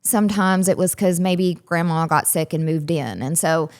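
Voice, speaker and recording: A woman with a Southern US accent explains things clearly and patiently as an interview guest. Her voice sits a little low for a woman. She lays out each idea step by step. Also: moderate pace. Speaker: relationship coach and psychologist, guest.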